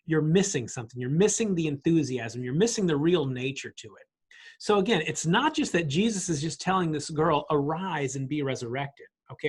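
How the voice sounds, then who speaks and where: A middle-aged man teaching a church Bible study class in a conversational way, with a husky voice and vivid voiced examples. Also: fairly high pitch.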